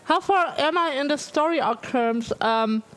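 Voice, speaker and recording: High voiced woman streamer, slow and slurry, mouth hurting from spicy food. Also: expressive, rough recording. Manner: pained, slurred talk from a burning mouth. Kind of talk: casual live-stream chat.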